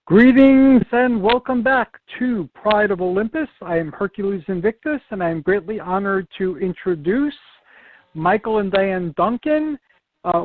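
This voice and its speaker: A man hosting a radio interview show in an enthusiastic, upbeat way. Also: high voice. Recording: dry, phone-like narrow sound.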